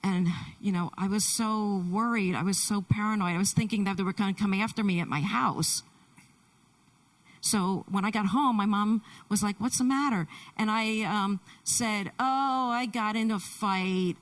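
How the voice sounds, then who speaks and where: A woman interpreter voicing a Deaf man's testimony in the first person, halting, with many restarts, in a church. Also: medium pitch, recorded from a distance, rough recording. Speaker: sign language interpreter.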